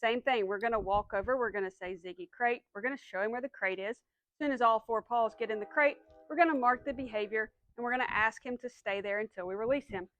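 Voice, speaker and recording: A woman's voice: fairly high pitch, quick pace, a bit bright, no room sound, lo-fi sound. A woman dog trainer patiently explaining commands step by step, then giving the dog short firm cues. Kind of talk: instructional dog training demo.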